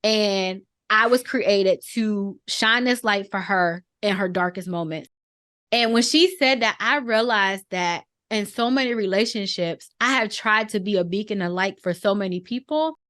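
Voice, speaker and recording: A woman's voice: medium pitch, dry recording, clean studio sound. A woman in her thirties telling a personal family story in a podcast conversation, reflective and earnest, holding back emotion. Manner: reflective and earnest, often slows down to choose words; holding back emotion, softening at tender moments.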